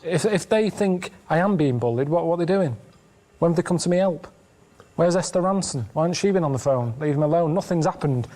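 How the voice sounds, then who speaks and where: Thirtysomething guy, deadpan and grumbly, kinda high voice, just rambles on and on. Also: a little fast. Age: 30s. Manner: rambling, aggrieved deadpan storytelling; colloquial speech, says "me" for "my". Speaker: guest reminiscing about his travels. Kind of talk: casual chat.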